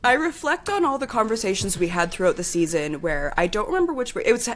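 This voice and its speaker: A woman co-hosting a podcast in casual chat, talking with heated, impassioned energy and swearing freely. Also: medium pitch. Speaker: podcast co-host.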